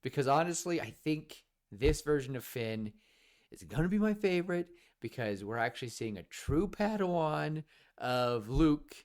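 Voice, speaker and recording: A man's voice: on the high side, very animated, normal speed, darkish tone. A man co-hosting a podcast in casual chat, rambling and laughing often. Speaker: podcast co-host.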